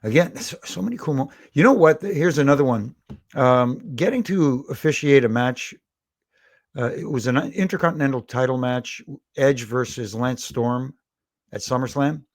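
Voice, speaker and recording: A middle-aged man, a guest on a podcast, telling long, animated anecdotes full of restarts. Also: medium pitch, moderate pace, no room sound, studio quality. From Toronto, Canada. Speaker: guest, former wrestling referee. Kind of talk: casual storytelling interview.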